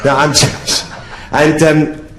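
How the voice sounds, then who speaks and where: A man's voice: a little high, level tone, takes it slowly. A man working as a drag artist, doing stand-up comedy patter on a theatre stage with a dry, self-mocking delivery. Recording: loud live theatre audience.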